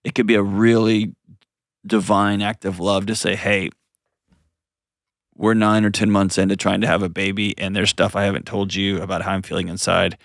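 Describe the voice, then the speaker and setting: A man with a lowish voice hosts an advice call-in show, coaching a caller earnestly and gently. He often restarts sentences as he thinks aloud. The studio sound is dry and close. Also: flat delivery, normal speed, vocal fry, dry recording. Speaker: host.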